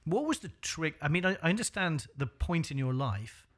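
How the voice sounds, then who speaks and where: A man interviewing a guest in a relaxed way, asking careful questions with a joking side. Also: fairly high pitch, moderate pace, husky. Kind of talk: casual interview.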